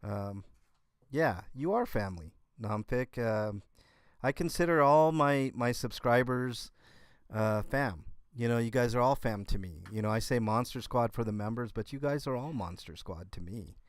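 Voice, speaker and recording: A man hosting a casual livestream from home, talking with his viewers in a halting way and often restarting his sentences. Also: medium pitch, no room sound, studio quality. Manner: halting, restarts and repeats words. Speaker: livestream host. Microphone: computer setup.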